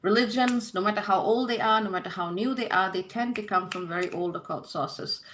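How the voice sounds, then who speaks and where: A woman in casual livestream mode works through a chat feed, reading each comment out and answering it in turn. Her tone is bright and forward, and she laughs easily between replies. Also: mid-range voice, a little fast, slight background noise. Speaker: host answering live chat questions.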